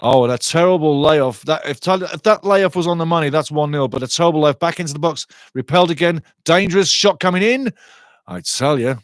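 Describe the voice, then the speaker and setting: Excitable male fan commentator, dry close mic. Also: fairly quick, few pauses, no echo. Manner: excitable, chatty, rises in pitch and volume on attacking play. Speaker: watchalong commentator and host. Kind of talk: live fan commentary with chat reading.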